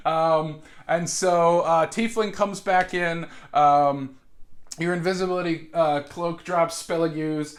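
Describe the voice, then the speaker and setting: A man's voice: a little high, steady tone, slow pace. A man acting as game master in a comedic solo tabletop role-play, hesitant and full of fillers and restarts.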